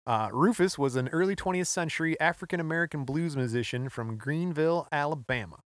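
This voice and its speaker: A man co-hosting a podcast, relaxed as he recounts a history story and laughing often. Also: a little high, brisk, no room sound, clean studio sound. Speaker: podcast co-host. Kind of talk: casual storytelling chat.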